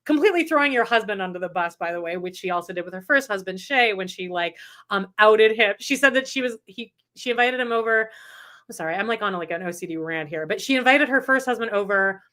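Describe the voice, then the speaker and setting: Bright-voiced woman gossiping on a podcast. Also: mid-range voice, fast. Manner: rambling, animated retelling with quoted voices. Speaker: podcast co-host. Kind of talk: casual gossip chat.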